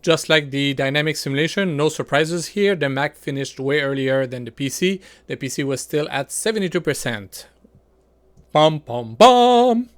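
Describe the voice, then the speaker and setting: Guy chatting through a tech review, goofy little asides, kinda high voice. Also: moderate pace, few pauses. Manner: chatty, jokey, animated asides. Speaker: tech video host. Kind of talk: casual chat.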